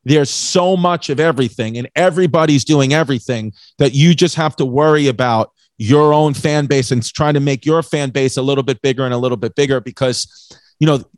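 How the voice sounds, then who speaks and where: A man's voice: medium pitch, fairly quick, dry recording. A man from New York with a New York accent, a comedian hosting a podcast, rambling in a joking way and repeating his words. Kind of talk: casual podcast chat.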